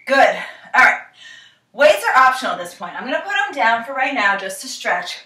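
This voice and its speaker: A woman's voice: fairly high pitch, very animated, normal speed, pushed and bright, slight background noise. A young woman instructing a cardio workout while exercising along, a little out of breath, encouraging and counting down reps. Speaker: fitness instructor. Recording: echoey room, camera mic from far off.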